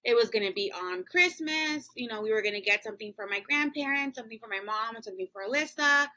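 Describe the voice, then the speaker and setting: A woman with a bright, forceful voice sitting slightly high, recounting a story to a co-host. Her talk is loose and conversational, filled with "like" and "um" as she works through the details. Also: fast, low-quality recording. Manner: chatty, full of "um" and "like", retelling an emotional family story. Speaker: podcast host. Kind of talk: casual storytelling chat.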